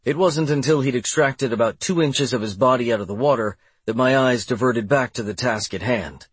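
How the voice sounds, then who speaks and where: Wry husky-voiced male narrator. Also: medium pitch, brisk, no echo. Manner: wry, sardonic. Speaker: audiobook narrator. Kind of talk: first-person audiobook narration.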